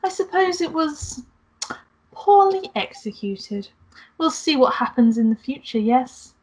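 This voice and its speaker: A woman's voice: sits high, sing-song, a little slow, a little mellow, pitched above the performer's own voice. A woman reading a text game aloud, voicing a smug male spy with a put-on French accent, sly and teasing. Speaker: guest reader.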